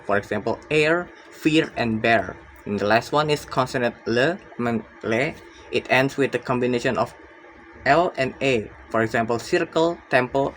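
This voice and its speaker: Young male student, mid-pitched, reads his class presentation with some hesitation, faint noise behind. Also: fairly bright tone, rough recording. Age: young adult. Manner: careful reading with frequent uh fillers and restarts.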